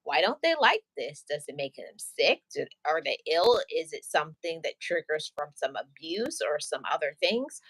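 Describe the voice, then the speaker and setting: A woman with a notably low voice gives relationship advice in a casual chat. She talks earnestly and keeps asking rhetorical questions. Her voice sounds close and dry, with no room echo. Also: sing-song, moderate pace, few pauses, fairly bright tone, breathy edge. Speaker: channel host.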